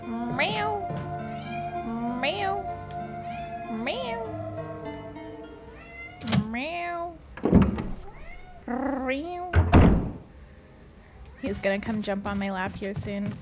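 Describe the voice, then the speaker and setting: A woman's voice: medium pitch, little pitch movement, normal speed, hardly any pauses. A woman streaming a horror video game, chatting casually and playfully to her chat and her cat, with self-mocking asides. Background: loud video game music.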